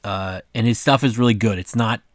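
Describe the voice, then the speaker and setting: A man's voice: on the low side, fairly quick, no room sound. Rambling man with a dry close sound. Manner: rambling, full of "like" and "uh" fillers. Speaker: cartoonist presenting his own work. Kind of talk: casual vlog commentary.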